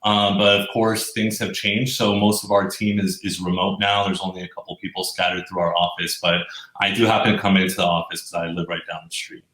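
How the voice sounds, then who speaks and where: A man being interviewed as a guest from his office, relaxed and easygoing, with lots of fillers. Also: deep voice, a little fast. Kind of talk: casual interview chat. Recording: echoey office room.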